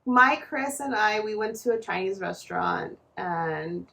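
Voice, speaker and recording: A woman co-hosting a podcast, telling stories in a lively casual way and acting out what people said. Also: mid-range voice, unhurried, gravelly. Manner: animated storytelling, acts out quotes. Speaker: podcast co-host. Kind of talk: casual chat.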